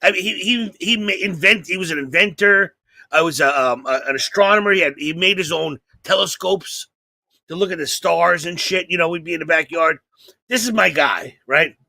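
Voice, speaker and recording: A man hosting a comedy podcast, telling a long story in an animated, profane way and acting out the people in it. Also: high voice, moderate pace, gravelly, no room sound. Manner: animated, profane, acts out voices.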